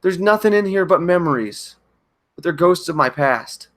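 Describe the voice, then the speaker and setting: A man at home giving a halting, emotional confessional monologue on a livestream, often restarting his sentences. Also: high-pitched, animated, a bit bright. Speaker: channel host. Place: at home by a kitchen counter.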